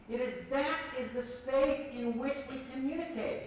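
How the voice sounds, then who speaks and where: A man giving an animated workshop lecture, repeating points and directing the audience, recorded from far off on old reel tape in an echoey hall. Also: very high-pitched, moderate pace, few pauses, a little hiss or hum. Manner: animated, repetitive, coaching the audience.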